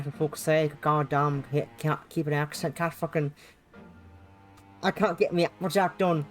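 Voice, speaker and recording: A streamer reads a visual novel aloud and narrates its scenes. The talk goes off on tangents, with frequent self-corrections and frustrated swearing. The pitch sits in a middle range. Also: fairly even intonation, normal speed, faint music behind.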